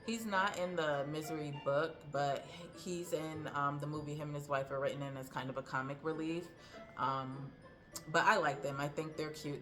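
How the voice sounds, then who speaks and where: A woman's voice: low-pitched, a bit bright. A woman hosting a casual movie recap, chatty, with frequent ums, laughs and asides.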